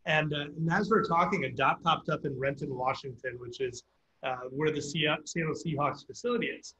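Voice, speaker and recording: Excitable guy telling a startup story, kinda high pitched, echoey lo-fi sound. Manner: animated, fast storyteller with filler words. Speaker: startup founder guest. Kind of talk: casual storytelling interview.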